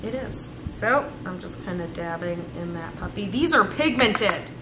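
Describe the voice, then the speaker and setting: A woman's voice: fairly low pitch, expressive, a little slow. A woman chatting playfully as she talks through her makeup routine in a casual tutorial. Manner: chatty and playful, talking through each step. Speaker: beauty vlogger. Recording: echoey room with background noise.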